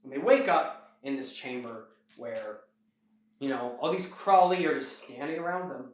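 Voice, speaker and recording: A man speaking at normal speed in a mid-range voice hosts a casual story recap, rambling and acting out the quotes in lively fashion. The room is echoey and the mic sits far away.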